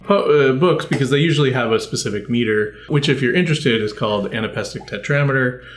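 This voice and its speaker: A man's voice: mid-range voice, fast, echoey room. A man co-hosting a casual podcast, telling a long, rambling, self-correcting story. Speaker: podcast co-host. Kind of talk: casual chat.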